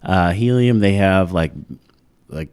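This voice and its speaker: Man, very low voice, comedian guest, laid-back, rambling stories, casual podcast chat. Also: slow pace, a little mellow, clear, resonant tone, no room sound, studio quality.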